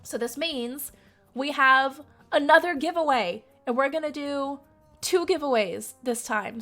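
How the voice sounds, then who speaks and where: A high-pitched young woman with a twang, chatting casually on a charity live stream. She is bubbly and laughs easily, and her delivery is unhurried. Faint music plays underneath. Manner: excitable, laughs often, talks to chat.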